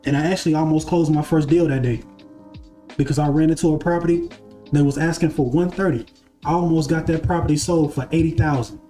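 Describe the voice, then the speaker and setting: A man with a slightly high yet mellow voice tells a personal story in a loose, conversational way. He repeats his phrases and keeps checking whether the listener follows, while faint music plays underneath. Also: fairly even intonation, brisk. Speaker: spiritual content creator and card reader. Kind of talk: casual personal storytelling to camera.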